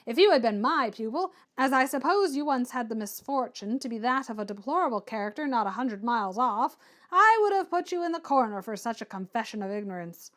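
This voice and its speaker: A woman's voice: sits high, lively intonation, normal speed, fairly bright tone. A woman reading aloud and voicing a scornful, blunt middle-aged Englishman who lectures and sneers at full volume.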